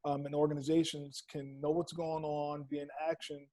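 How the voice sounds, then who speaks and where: A man speaking on a panel over a video call, measured, often checking in with "right?". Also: a little high, flat delivery, mellow, rough recording. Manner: measured, asks listeners to agree with "right?". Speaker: panelist from a nonprofit.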